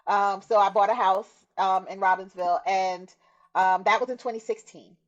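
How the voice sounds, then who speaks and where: On a lo-fi recording, a guest in middle age tells her personal story at normal speed, her medium-pitched voice holding a steady tone. She's warm and earnest, laughing and acting out the things others said to her.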